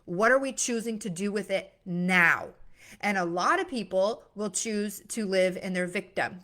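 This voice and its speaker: A woman's voice: medium pitch, moderate pace, a bit bright. A young woman giving a casual motivational talk, earnest, with many fillers and restarts. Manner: acts out worried voices with sudden gasps. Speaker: mindset coach. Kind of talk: motivational monologue.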